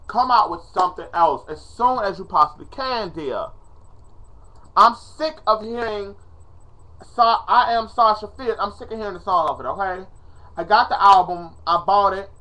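A man with a high-sitting, pushed and bright voice rants at normal speed in a casual home vlog shot on a webcam. He is dramatic and profane, pleading in exasperation, with faint music playing in the background.

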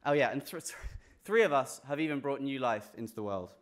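A man's voice: mid-range voice, expressive, fairly quick. A young man with a British accent giving a graduation class day speech, earnest with self-deprecating jokes and frequent restarts. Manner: restarts and repeats words. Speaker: graduating student speaker.

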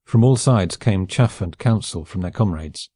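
A man narrating a classic novel as an audiobook in a measured, even storytelling delivery. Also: sits low, dry recording, studio quality.

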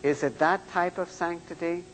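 An older man preaching in a slow, emphatic, deliberate way. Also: on the high side, fairly even intonation, in a large hall, slight background noise, low-quality recording. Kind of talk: sermon-style lecture.

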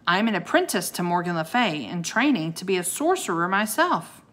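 A woman's voice: on the low side, very animated, normal speed, a bit bright. A woman voicing an earnest young male sorcerer's apprentice with formal, old-fashioned speech.

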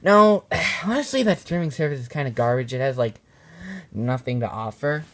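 A man talking through a home-made skit in a casual, mumbling, sigh-filled way. His voice sits at a middling pitch, and a faint hiss runs underneath it. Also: lively intonation, moderate pace, fairly bright tone.

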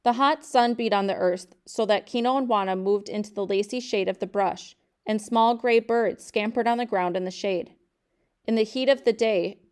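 A woman reads a novel aloud at a calm, measured pace. Her voice is smooth and clear, sitting in a middle pitch, with an even, unhurried delivery. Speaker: reader of a novel.

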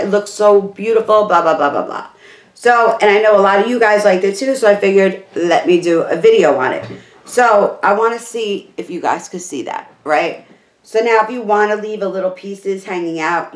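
A woman's voice: on the low side, roomy sound. Chatty woman with a slightly worn voice. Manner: chatty, rambling, full of "like" and "literally". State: losing her voice. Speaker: beauty vlogger. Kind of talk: casual hair tutorial.

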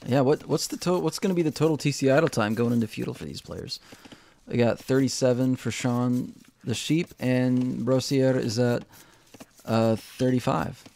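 A man's voice: medium pitch, normal speed, creaky, a little mellow. A young man giving casual, chatty commentary on a strategy game, poking fun at himself. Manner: chatty, self-mocking, laughs at own jokes. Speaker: game caster.

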